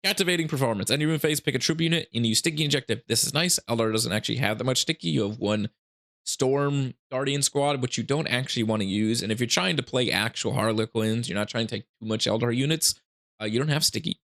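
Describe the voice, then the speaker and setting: A man's voice: medium pitch, fast, gravelly, a bit bright. A man hosting a gaming channel, casually talking through game rules with hiccups, rambling with laughing asides and frequent restarts. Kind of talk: casual rules breakdown commentary.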